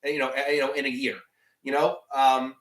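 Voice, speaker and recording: A man's voice: medium pitch, flat delivery, normal speed, a bit bright, roomy sound. A man hosting a live stream, chatting casually and rambling as he answers chat, often restarting his sentences. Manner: rambling, many restarts and fillers, reads chat questions aloud.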